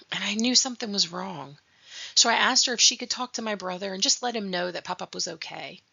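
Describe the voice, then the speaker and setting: A woman's voice: fairly low pitch, creaky, sharp tone. A young adult woman hosting a podcast, telling a personal story of grief in an earnest, reflective way. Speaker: podcast host. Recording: dull lo-fi recording.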